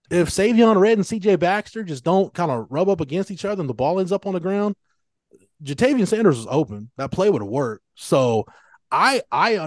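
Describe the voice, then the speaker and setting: A man's voice: sits high, a little mellow, dry recording, clean studio sound. A man co-hosting a sports podcast, thinking aloud with restarts as he lays out his view of a play call. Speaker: co-host. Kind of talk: casual sports podcast analysis.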